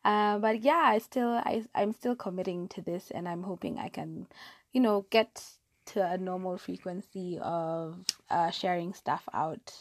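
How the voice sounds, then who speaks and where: In an unhurried, lowish voice, a young woman runs a casual solo podcast from her bedroom through a lapel mic clipped in her hair. Her talk is chatty and self-deprecating, peppered with fillers and restarts, and there's no room sound.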